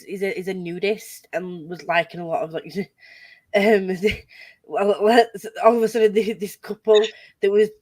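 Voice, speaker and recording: A woman's voice: on the low side, dry recording. A woman hosting a casual group chat, telling stories with lots of laughter and swearing. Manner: laughing, swearing, animated storytelling. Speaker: host.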